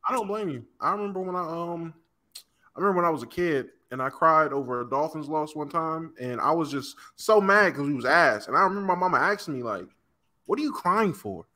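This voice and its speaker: A man co-hosting a podcast, telling animated, profane stories about sports. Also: fairly high pitch, fast, a little hiss or hum. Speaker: podcast co-host. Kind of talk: casual sports chat.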